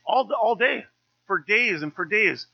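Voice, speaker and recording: A man's voice: high voice, expressive, a little slow, vocal fry, no room sound, muffled recording. A man in his fifties, a pastor preaching a sermon in a conversational, story-telling way with touches of humour.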